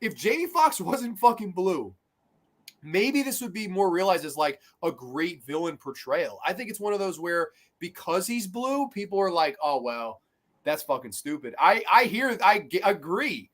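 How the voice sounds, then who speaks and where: A man's voice: high-pitched, normal speed. A man hosting a casual podcast about films, talking animatedly, swearing often and acting out scenes. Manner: animated, swearing, acts out quotes. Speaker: podcast host. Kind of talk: casual film discussion.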